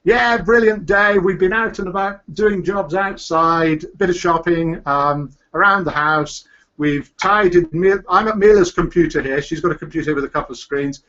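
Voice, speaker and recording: A chatty, upbeat man hosts a live online show from a home computer, his voice sitting a little high for a man. The sound is dull and lo-fi, like a home webcast. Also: normal speed, fairly bright tone. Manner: cheery, chatty, laughs easily. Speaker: host. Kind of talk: casual live show chat.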